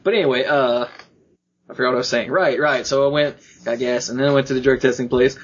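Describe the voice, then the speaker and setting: A man with a husky, slightly breathy voice tells a rambling personal story in casual chat, jumping into quoted voices of the people in it and laughing along the way. His pitch sits in an ordinary middle range. The recording is dull and lo-fi. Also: quick pace. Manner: animated, acts out quoted voices, laughs often. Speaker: podcast co-host.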